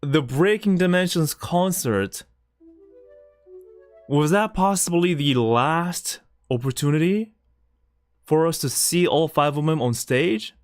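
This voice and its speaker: A man talks through a live stream reaction with a lively, swinging pitch. He stammers and repeats himself as the feelings catch up with him. The mic is close and the sound is dry. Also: slow pace, no echo, soft background music. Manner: emotional, stammering, repeats words.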